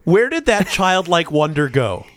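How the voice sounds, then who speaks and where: Man, comedy podcast co-host, lively swooping delivery, mock-serious, dry close sound. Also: on the high side, dry recording. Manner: playful mock-earnest delivery, drawn-out words. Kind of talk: comedic podcast banter reading a sponsor spot.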